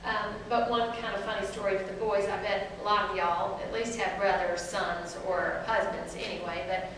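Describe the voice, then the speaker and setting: A woman's voice: mid-range voice, moderate pace. A woman in her forties with a Southern US accent, telling chatty, laughing stories to a live audience. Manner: chatty, animated, laughing, addresses crowd as y'all. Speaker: author speaking to an audience. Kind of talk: storytelling talk to a live audience. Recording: echoey room, distant mic, noisy.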